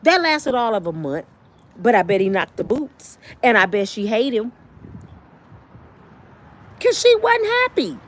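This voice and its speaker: A woman in her fifties giving blunt, animated and profane celebrity gossip commentary on her vlog. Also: a little high, a little slow, long pauses. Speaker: vlogger.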